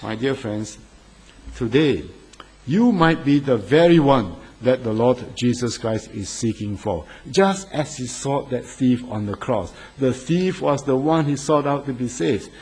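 A man delivers a sermon to his congregation in a husky voice. He talks earnestly and presses his listeners with pleading appeals. His pitch sits in a plain middle range. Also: a little slow, darkish tone, poor audio. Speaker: preacher.

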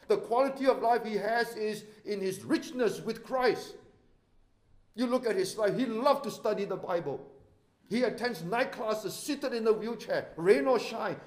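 Singaporean male pastor, high-pitched, fervent sermon delivery that drops soft then surges loud, roomy church echo. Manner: impassioned, swinging from hushed to loud. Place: church sanctuary.

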